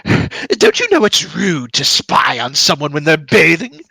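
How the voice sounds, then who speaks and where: A man's voice: a little high, wildly swooping pitch, a little slow, gravelly, sharp tone, slightly rough, no echo, clean studio sound, voice pushed up, full character voice. A man voicing an eccentric old male wizard, a flamboyant showman with a theatrical, grandly affected manner. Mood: indignant.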